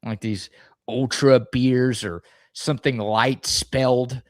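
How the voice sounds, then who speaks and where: A man's voice: steady tone, slow, dry recording. A man from Texas, co-hosting a sports talk show, doing a live beer ad read and teasing his co-host. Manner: upbeat pitchman, teasing. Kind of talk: live-read ad and casual banter. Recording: dry close studio sound.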